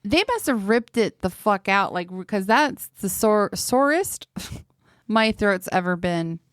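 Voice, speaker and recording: A woman's voice: mid-range voice, lively intonation, takes it slowly, a bit bright. A woman around thirty co-hosting a podcast in casual chat, laughing often and swearing freely. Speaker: podcast co-host.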